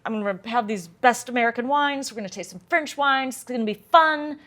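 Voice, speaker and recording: A woman's voice: fairly high pitch, a little fast, fairly bright tone, pitched above the performer's own voice, natural voice. A woman doing a breezy self-assured wine merchant man.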